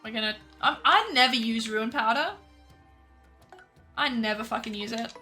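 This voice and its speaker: A woman's voice: fairly high pitch, normal speed, sharp tone, soft background music. A woman streamer chatting casually while playing a video game, giggly, self-mocking and swearing freely. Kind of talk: casual gameplay commentary.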